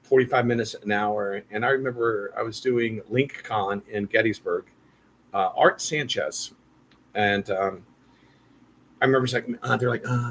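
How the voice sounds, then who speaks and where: A man chatting casually on a live stream, telling stories with playful, animated energy. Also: lowish voice, normal speed, a little hiss or hum. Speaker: show regular and guest voice actor.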